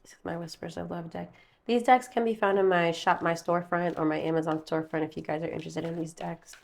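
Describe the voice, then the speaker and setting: A woman's voice: on the low side, steady tone, quick pace, vocal fry. A woman giving a casual tarot reading to camera from her room at home, chatty and rambling, calling her viewers babe and baby. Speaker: tarot reader.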